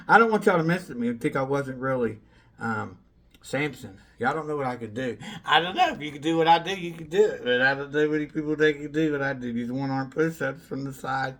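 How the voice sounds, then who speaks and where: A man's voice: fairly high pitch, fairly quick, a bit bright. A man in a rambling self-filmed monologue, boastful, swearing freely and breaking into laughter between phrases.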